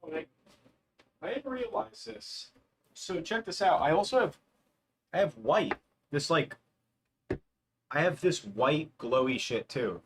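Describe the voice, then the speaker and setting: This young livestreaming animator has a higher male voice with lively intonation, a measured pace, and frequent pauses, with a little hiss or hum on the recording. He answers viewers casually as he works, rambling and saying "like" constantly.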